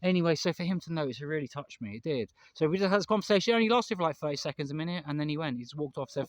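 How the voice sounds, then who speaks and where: A man's voice: fairly high pitch, lively intonation, rapid-fire, hardly any pauses. An English man vlogging outdoors in a park, rambling and emphatic, repeating himself and swearing now and then. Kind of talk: candid vlog monologue.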